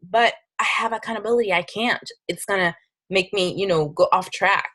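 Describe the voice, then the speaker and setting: A woman's voice: medium pitch, moderate pace, a bit bright. A woman with a French accent, a fitness business coach giving a casual, persuasive recruiting presentation with frequent restarts.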